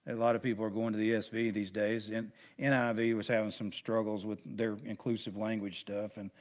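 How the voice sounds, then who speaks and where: A man's voice: lowish voice, level tone, a little fast. Male pastor leading a casual Bible study; folksy, rambling teacher, chatty asides. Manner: rambling, conversational, with many restarts and asides; folksy, plain-spoken.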